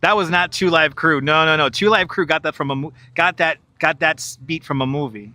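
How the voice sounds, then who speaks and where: A man's voice: on the high side, fairly quick, pushed and bright, no echo. A man hosting a live stream outdoors, joking, laughing a lot and chatting to viewers on a wireless clip-on mic. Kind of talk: live-stream walking commentary. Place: outdoors in Manhattan by the river.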